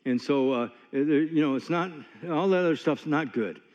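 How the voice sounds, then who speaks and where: A man's voice: on the high side, normal speed, darkish tone. Folksy preacher man in a reverberant hall. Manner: folksy, conversational storytelling with many asides. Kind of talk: sermon with personal stories. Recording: long hall reverb, dull lo-fi sound.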